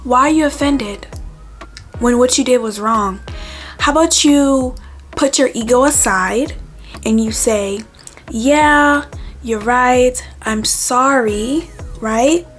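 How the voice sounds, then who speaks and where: A woman talking on her vlog, telling a story with lively quoted back-and-forth. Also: on the high side, a little slow, pauses often, soft background music. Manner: animated, retells arguments with quoted back-and-forth. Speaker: vlogger.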